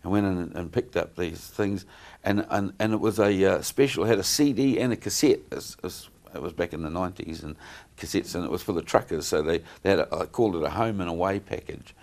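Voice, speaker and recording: A middle-aged man talks in a very low voice. He wanders through his stories, stopping and restarting often with plenty of ums. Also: quick pace, a little mellow. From New Zealand. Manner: rambling, many fillers and restarts. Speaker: guest entertainer. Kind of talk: casual interview chat.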